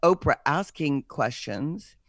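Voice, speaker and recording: A woman talks in a loose, casual podcast chat. She is blunt and animated, slipping into little acted-out quotes and swearing without a second thought. The recording is dry and close, with no room sound. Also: sits low, takes it slowly, dry recording.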